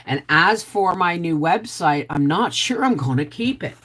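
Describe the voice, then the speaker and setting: A woman's voice: lowish voice, expressive, unhurried, fairly bright tone. An older woman hosting a casual livestream, chatting and greeting viewers by name. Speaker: homestead channel host.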